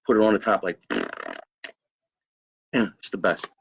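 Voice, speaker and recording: A low-voiced New man rambles through a live-stream comedy monologue very fast, with fairly even intonation and slight background noise. Hosting from his backyard by the grill and pool, he boasts and greets viewers by name.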